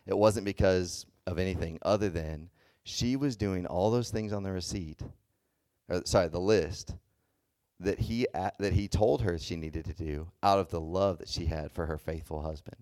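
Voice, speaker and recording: Youth preacher, male, low voice; loose, chatty delivery, keeps checking the room. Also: moderate pace, darkish tone, no room sound, studio quality. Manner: conversational, checks in often with "okay?" and "does that make sense?"; loose and chatty, with many fillers and restarts. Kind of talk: casual sermon to a youth group.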